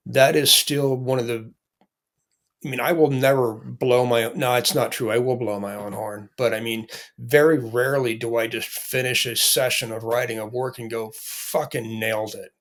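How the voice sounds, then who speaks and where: A man's voice: mid-range voice, a bit bright. A man who is an author, talking candidly in casual conversation, rambling with restarts and frequent swearing.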